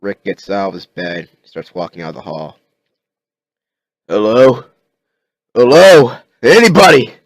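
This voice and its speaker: A man narrating an improvised story in a halting way, with many restarts. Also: low voice, fairly even intonation, dry recording. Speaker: amateur narrator.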